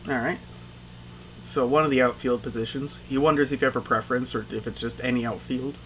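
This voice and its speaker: Male game master, casual narration, mid-pitched, light background hiss. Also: fairly even intonation, a little fast, fairly bright tone.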